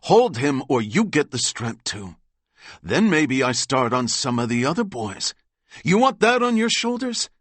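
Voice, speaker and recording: A man performing a brutal male overseer, threatening and mocking, in a deep voice. He snarls his orders in a dry, close reading. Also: lively intonation, moderate pace, fairly bright tone, no room sound, exaggerated voice. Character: brutal bullying male orphanage overseer, menacing. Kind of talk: audiobook reading.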